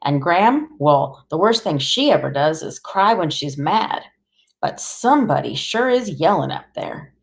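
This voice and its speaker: A woman's voice: low-pitched, very animated, a little slow, gravelly. A woman reading a first-person audiobook in a plain, conversational voice. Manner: plain, conversational, as a teenage boy. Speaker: audiobook reader.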